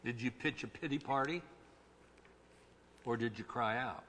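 Slow, bright-voiced preacher in a hall. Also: male voice, medium pitch, a little hiss or hum. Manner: dramatic swings from hushed to shouting; slow, drawn-out emphasis on key words. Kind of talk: sermon. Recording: long reverb of a large hall.

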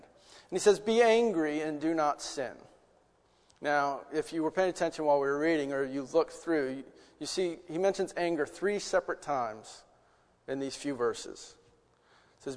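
Earnest preacher man in a reverberant hall. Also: on the high side. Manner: earnest, rhetorical questions, shifts loud and soft. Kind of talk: sermon.

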